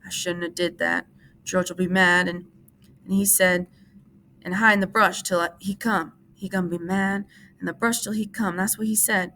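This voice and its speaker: A woman's voice: lowish voice, fairly even intonation, normal speed, sharp tone, slight background noise. A woman reading aloud and voicing a big, simple-minded ranch hand who talks in an earnest, childlike, pleading way. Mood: fearful.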